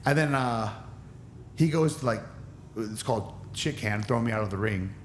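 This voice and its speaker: Male podcast guest, animated storytelling, acts out other voices, medium pitch, faint background noise. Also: moderate pace. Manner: acts out other people's lines with raised pitch.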